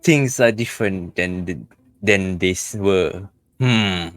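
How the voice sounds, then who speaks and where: A man co-hosting a gaming stream, chatting casually, laughing often and reading game text aloud haltingly. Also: low voice, no echo, soft background music. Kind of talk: casual let's-play chat.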